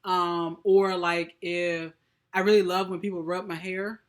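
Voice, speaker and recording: A woman's voice: lowish voice, level tone, unhurried. A young adult woman co-hosting a podcast, chatting casually and often laughing mid-sentence. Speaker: podcast co-host. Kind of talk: casual chat.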